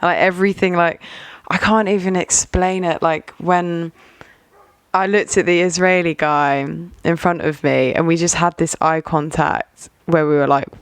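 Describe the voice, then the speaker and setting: Animated young English woman guest, smooth voice, casual storytelling. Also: lowish voice, a little slow, no echo, studio quality. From England. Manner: animated, acts out the people in her story. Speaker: podcast guest, singer-songwriter.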